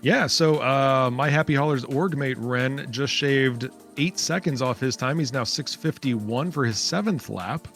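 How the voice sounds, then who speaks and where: Male race commentator, live esports call, chatty and upbeat, mid pitch, light music bed. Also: unhurried, hardly any pauses, fairly bright tone. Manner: chatty, upbeat, many fillers.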